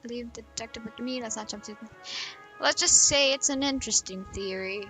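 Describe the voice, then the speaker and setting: A woman voicing a world-weary male detective in a game read-aloud, gruff and lower than her own voice. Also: moderate pace, pushed and bright, soft background music.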